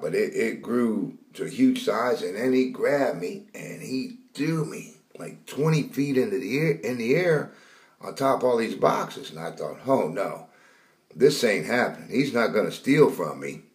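A man tells a dream as a rambling testimony, repeating words and raising his voice for retold shouts. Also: lowish voice. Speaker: preacher telling a dream. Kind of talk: storytelling testimony.

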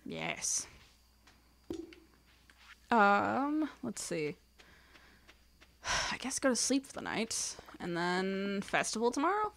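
A woman's voice: mid-range voice, wildly swooping pitch, slow pace, vocal fry, long pauses, fairly bright tone, a little hiss or hum. A young woman hosting a let's play, rambling casually as she plays, counting aloud and drifting into whispered asides. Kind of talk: casual gameplay commentary.

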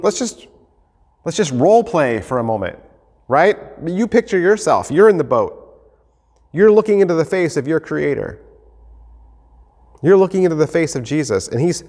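A man preaching a sermon as pastor, reading scripture and then acting out the scene with lively shifts of voice. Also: on the high side. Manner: animated, acts out the disciples and Jesus in quick voices. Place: church sanctuary. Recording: long hall reverb.

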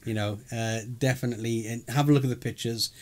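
A man's voice: mid-range voice, steady tone, quick pace, a little mellow. A man co-hosting a podcast, recapping a live role-play event in casual chat, rambling and chuckling with many fillers. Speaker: podcast co-host.

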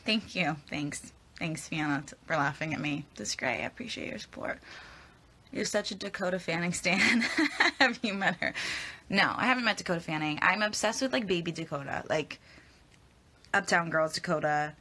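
In a casual live Q&A picked up by a phone at arm's length, a young woman answers questions from fans. Her voice is lowish, bright, and forceful, at a moderate pace. She tends to ramble and hesitate, stumbling over what she's saying.

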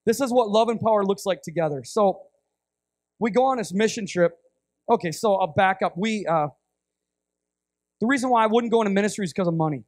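A middle-aged man from the United States preaching a sermon, telling a story in an animated, rambling way that often breaks off and restarts. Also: sits high, brisk, long pauses, no room sound, studio quality. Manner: animated, rambling, self-interrupting. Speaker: guest preacher.

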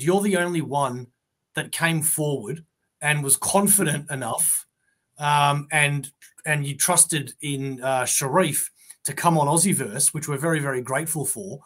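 A man hosts an interview show in a casual, friendly way, with rambling questions full of restarts. His voice sits a little higher than most men's. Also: measured pace, fairly bright tone. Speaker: podcast host.

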